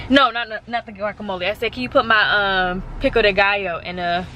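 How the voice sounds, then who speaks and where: A woman's voice: mid-range voice, a little fast, hardly any pauses, a little hiss or hum. A young woman vlogger telling a story in a chatty, casual way, with plenty of fillers along the way. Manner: chatty, animated retelling with lots of fillers.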